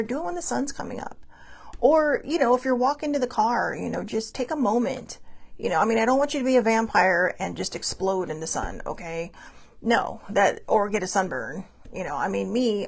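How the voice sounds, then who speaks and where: A woman's voice: mid-range voice, creaky, breathy edge. A woman in her forties hosting a wellness vlog, chatting casually and rambling into self-deprecating asides. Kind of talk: casual self-help chat.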